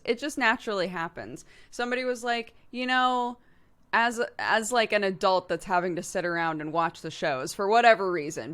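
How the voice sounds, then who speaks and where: A woman's voice: lowish voice, fairly bright tone. A woman streamer in casual livestream chat, rambling playfully and laughing often.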